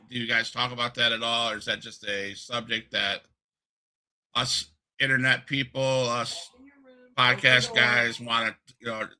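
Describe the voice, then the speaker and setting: Bright-voiced man hosting a podcast. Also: medium pitch, low-quality recording. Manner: rambling questions with restarts. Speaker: podcast host. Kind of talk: interview conversation.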